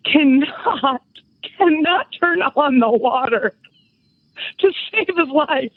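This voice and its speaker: A woman's voice: fairly high pitch, no echo. A woman rambling through a silly comic story as a caller, giggling as she goes, over a phone line. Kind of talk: improvised comic phone call. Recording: tinny phone-line sound.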